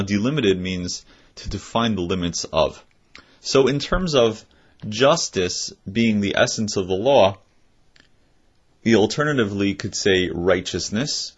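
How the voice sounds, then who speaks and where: Male teacher, husky voice, alternates reading a text with casual explanation, muffled lo-fi recording. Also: on the low side. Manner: reads passages then explains them in a plain conversational aside. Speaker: Torah teacher.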